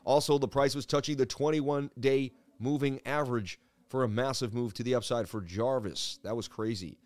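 A man's voice: medium pitch, steady tone, normal speed, darkish tone, no room sound. A man hosting a live crypto market stream, hyped and preachy as he walks through the charts, often calling people "baby.". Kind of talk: live market analysis chat.

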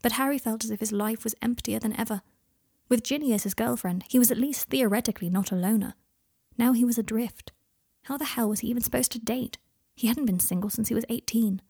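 Brief: woman audiobook narrator, frank and unhurried, dark, husky voice. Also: medium pitch. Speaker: audiobook reader. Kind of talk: fan-fiction audiobook narration.

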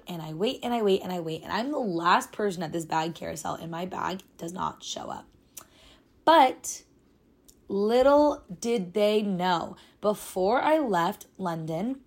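Young female podcast host, twenties, somewhat low pitch, casual and dramatic storytime delivery. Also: normal speed. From United States. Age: 20s. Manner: chatty, dramatic, lots of "like".

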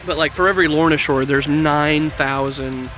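A man's voice: on the high side, steady tone, normal speed. A young man co-hosting a casual chat, joking sarcastically and laughing often. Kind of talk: casual chat reacting to music. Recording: music playing behind.

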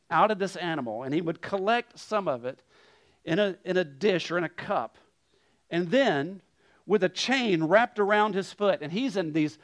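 A male guest pastor with a high-sitting voice preaches a sermon at a moderate pace. He tells a story, swinging lively between loud emphasis and hushed asides.

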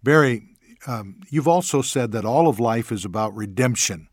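A man's voice: medium pitch, animated, moderate pace, no room sound, clean studio sound. A man hosting a faith podcast, affirming his guest and asking open questions. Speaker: guest host.

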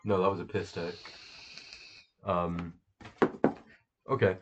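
Teenage boy, podcast co-host, very deep voice, jokey rambling chat, faint background hiss. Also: flat delivery, slow, lo-fi sound. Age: teens. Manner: jokey, rambling, laughs often. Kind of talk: casual chat. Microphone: home microphone.

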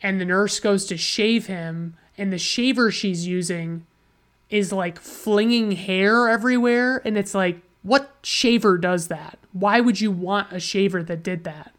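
A woman casually reviewing a movie, sarcastic and profane, often restarting her sentences. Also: medium pitch.

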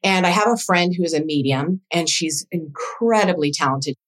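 A woman guest on a podcast, a doula coach, telling a personal story in casual conversation with emotional, animated quoted dialogue. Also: lowish voice, normal speed, poor audio.

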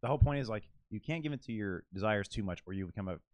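A man's voice: lowish voice, expressive, very fast, a little mellow, no room sound. Rambling, swearing man on a podcast. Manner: rambling, filler-heavy, profane storytelling. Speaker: podcast co-host. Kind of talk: casual podcast chat.

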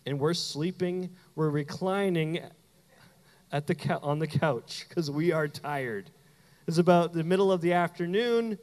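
A man from Canada preaching a sermon, telling a personal story with animated delivery and acted-out quotes. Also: high-pitched, big-room sound. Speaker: pastor.

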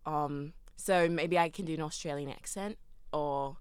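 A young woman co-hosting a casual podcast chat, giggly, animated and playful. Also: sits low, a little slow, clear, resonant tone, no echo. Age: young adult. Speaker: podcast co-host.

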